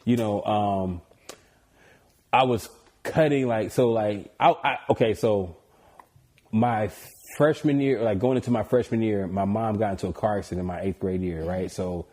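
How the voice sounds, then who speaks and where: A man's voice: lowish voice, moderate pace, darkish tone. A man from the United States, a podcast guest telling stories in a casual, joking way and laughing often. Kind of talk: casual storytelling interview.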